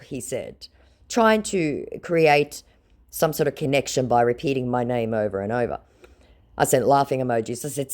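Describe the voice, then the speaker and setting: A woman's voice: very deep voice, fairly quick, darkish tone. A woman hosting a scam-baiting video, reading out chat logs in a sarcastic, mocking way.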